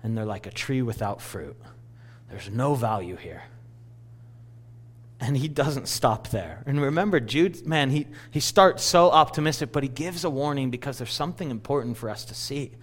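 A middle-aged man preaching a sermon, telling a story in a lively, self-mocking way. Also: mid-range voice, normal speed, slight background noise. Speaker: pastor.

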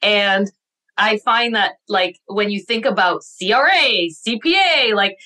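Bright-voiced upbeat woman. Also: medium pitch, lively intonation, unhurried. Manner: upbeat, laughs often, acts out voices in quotes; many "like" fillers. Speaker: guest, accountant and bookkeeping coach. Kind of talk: casual podcast conversation.

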